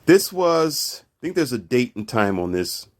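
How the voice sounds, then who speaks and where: A man's voice: medium pitch, sing-song, a little slow. A man hosting a commentary channel, ranting about society in a sarcastic, emphatic way and repeating his points.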